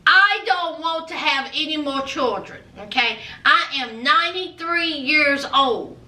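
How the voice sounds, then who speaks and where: A woman voicing a stubborn older man who flatly refuses to have more children, talking firmly and repeating himself. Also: high-pitched, a little slow, exaggerated voice. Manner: flat, firm, repeating "okay". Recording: echoey room, distant mic.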